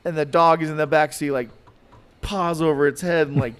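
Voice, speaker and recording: This podcast guest, a man whose voice runs slightly high, relates a lengthy story fairly quickly with a clean tone. He's animated and meandering, padding pauses with likes and fillers and voicing the story's other characters himself.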